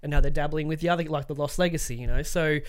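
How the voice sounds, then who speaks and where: A man's voice: fairly high pitch, steady tone, rapid-fire, clean tone. A young man co-hosting a casual gaming podcast, reading news aloud and riffing on it with casual swearing. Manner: swears casually, reads news items aloud then riffs. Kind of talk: casual chat.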